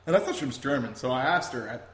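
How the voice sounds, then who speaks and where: A man's voice: mid-range voice, quick pace. Young guy, rambling anecdotes, echoey room. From Canada. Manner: animated, rambling, self-amused. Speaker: guest. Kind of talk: casual storytelling. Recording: echoey room, faint noise.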